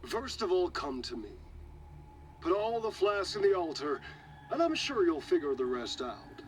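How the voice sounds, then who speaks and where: A man's voice: sits high, big pitch swings, normal speed, a little hiss or hum. An actor playing a mocking, scheming male villain who taunts the hero in a game. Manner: taunting, sing-song, laughing. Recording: game audio heard from afar under faint ambience.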